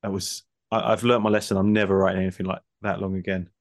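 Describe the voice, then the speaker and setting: A man's voice: low voice, flat delivery, quick pace. Rambling apologetic man in casual chat. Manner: apologetic, rambling with many fillers. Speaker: podcast co-host and writer.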